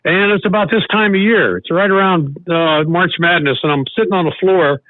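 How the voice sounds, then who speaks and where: An older man, a former baseball coach, tells a personal story as a podcast guest, halting and restarting often. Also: high-pitched, no room sound. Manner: halting, with many restarts and fillers. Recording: narrow phone-like sound.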